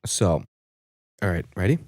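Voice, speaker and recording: A man's voice: deep voice, very animated, a little slow, darkish tone, dry recording, studio quality. A man co-hosting a podcast, teasing his partner with crude would-you-rather questions and laughing often. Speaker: podcast co-host. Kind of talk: casual comedic banter.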